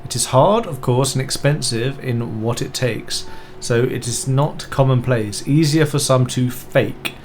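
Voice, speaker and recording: A man's voice: mid-range voice, a little slow, a little mellow, slight background noise, lightly acted. A man voicing a formal French male debunker of mystics in a put-on French accent, sprinkling in French words.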